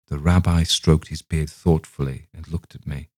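A man reading a Victorian ghost story aloud in a steady, literary first-person narration. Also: rumbling low, normal speed, hardly any pauses, dry recording, clean studio sound. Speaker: audiobook narrator.

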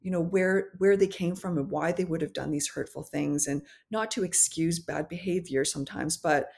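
Low-voiced woman reflecting candidly. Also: vocal fry, a little mellow. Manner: thoughtful, candid, searching for words. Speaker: podcast guest, memoir author. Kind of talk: reflective conversational interview.

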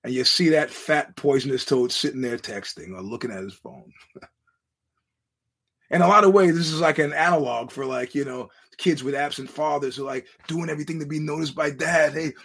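A man's voice: on the high side, normal speed, fairly bright tone, breathy edge. A middle-aged man hosting a podcast, telling digressive, blunt stories with frequent restarts. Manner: blunt and profane. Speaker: podcast host. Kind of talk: casual rambling monologue.

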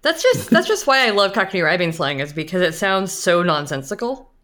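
A woman co-hosting a podcast, chatting with amused, quick asides. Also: on the low side, sing-song, a bit bright, a little hiss or hum. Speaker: podcast co-host. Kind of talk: casual chat.

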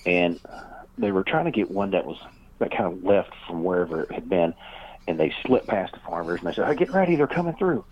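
A guest author and paranormal researcher, this man has a deep, creaky voice with a breathy edge and talks briskly and very animatedly. His interview story meanders with many fillers and acted-out quotes, captured in dull lo-fi remote audio.

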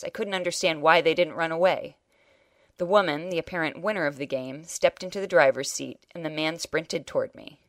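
A woman's voice: deep voice, no echo. A woman reading a first-person short story aloud with dry, wry storytelling. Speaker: reader.

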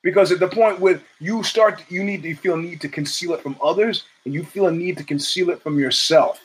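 A man's voice: brisk, a little hiss or hum, rough recording. A man hosting his own show, talking casually in a rambling monologue full of asides, restarts and swearing, acting out quotes in a raised voice. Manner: acts out quotes in a raised pitch. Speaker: podcast host.

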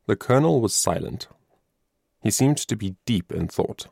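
A man narrating a storybook in steady, solemn tones. His voice sits low with a gravelly texture. The sound is dry and close to the mic. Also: normal speed, no echo. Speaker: audiobook narrator.

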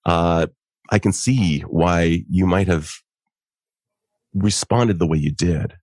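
A middle-aged man, a psychologist and coach, explaining things in an animated way and laughing often during a conversation. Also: sits low, slow pace, dry recording, clean studio sound. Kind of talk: conversational podcast interview.

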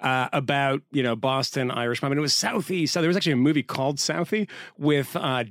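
A man co-hosting a podcast in casual chat, telling lively stories and mimicking accents, with a few swears. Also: mid-range voice, fairly quick, no echo, clean studio sound. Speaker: podcast co-host.

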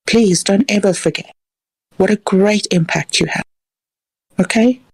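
A woman's voice: medium pitch, unhurried, slightly rough, dry recording. A woman calling in to a radio show, speaking in an earnest, emotional way. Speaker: caller. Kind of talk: heartfelt call-in tribute.

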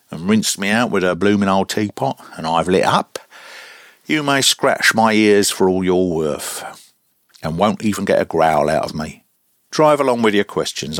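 A gruff, chatty elderly zookeeper, as a man reading aloud puts him on, talking in a rough old-fashioned country dialect. The voice sits low but swings about freely, and the sound is dry and close. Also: dry recording.

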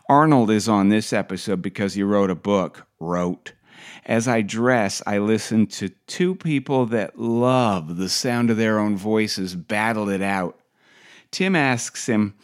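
Man, middle-aged, podcast host, wry, deadpan, scripted comic monologue, low-pitched. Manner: wry, sardonic, deadpan asides.

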